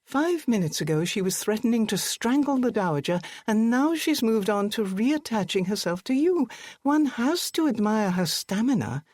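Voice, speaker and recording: An audiobook narrator voicing a sharp-witted young woman who speaks in a brisk, dry, teasing way. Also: medium pitch, sing-song, dry recording, voice pushed up. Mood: brisk, amused.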